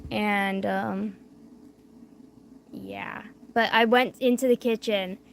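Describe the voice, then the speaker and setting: A woman's voice: medium pitch, steady tone, slow, vocal fry, slight background noise. A young woman chatting casually late at night on a livestream. She talks through a barely opened mouth after wisdom teeth surgery and rambles with many fillers. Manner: rambling, filler-heavy, drifting quiet.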